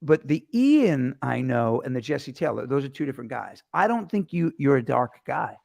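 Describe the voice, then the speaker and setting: A man hosting a casual show, telling stories in an animated, rambling and profane way into a camera setup. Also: mid-range voice, normal speed, vocal fry, no echo, studio quality. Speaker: host. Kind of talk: casual chat. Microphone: webcam or phone camera mic.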